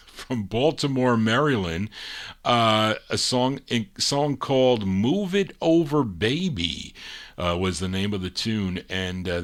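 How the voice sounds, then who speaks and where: A man with a somewhat low voice hosts a live record show. He chats his way through listener requests and record details, and stumbles now and then. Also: fairly bright tone. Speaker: radio-style show host and DJ.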